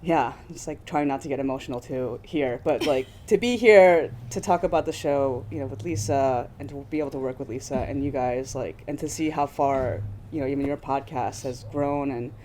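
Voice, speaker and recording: A woman's voice: a bass voice, moderate pace, hardly any pauses, dark tone, a little hiss or hum. A woman speaking as a guest on a podcast, effusive and emotional, laughing often as she talks. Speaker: guest producer. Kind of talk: casual podcast conversation.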